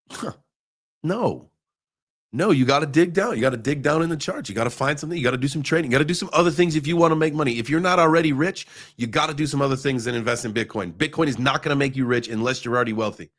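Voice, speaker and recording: A man's voice: mid-range voice, quick pace, a bit bright. A man hosting a live crypto trading show, chatting casually and joking sarcastically with viewers as he rambles through charts. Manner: joking, sarcastic, addresses chat viewers by name; rambling with many fillers while reading charts. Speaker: crypto livestream host. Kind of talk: casual live market chat.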